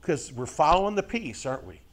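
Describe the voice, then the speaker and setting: A man's voice: a little high, brisk. A middle-aged man teaching a conversational sermon to a live group, folksy and joking, constantly checking with rhetorical questions. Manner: asks frequent rhetorical questions and tag checks; folksy, lively, jokes with listeners. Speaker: Bible teacher.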